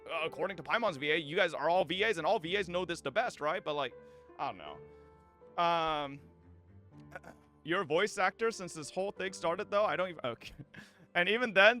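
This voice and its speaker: A man streaming live, commenting on clips and talking to his chat in a profane, animated way with frequent laughs. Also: fairly high pitch.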